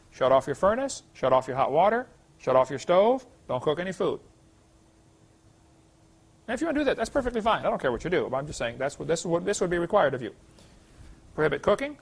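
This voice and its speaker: A man's voice: on the high side, creaky, husky. A middle-aged man teaching a creation science class, lecturing in a folksy, emphatic way and reading scripture aloud.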